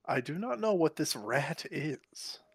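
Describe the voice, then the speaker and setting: A man playing in a tabletop role-play, with deadpan in-character talk. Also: on the high side, takes it slowly, creaky, breathy edge, soft background music. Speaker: player.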